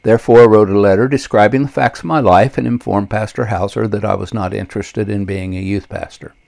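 An older man reading his own memoir aloud in a measured, earnest way, with occasional slips. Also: lowish voice, fairly even intonation, creaky, darkish tone, no echo. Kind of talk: memoir narration.

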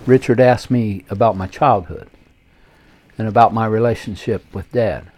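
A man's voice: fairly low pitch, normal speed, a little mellow. An older man, a pastor, reading his own memoir aloud in an earnest, reflective way.

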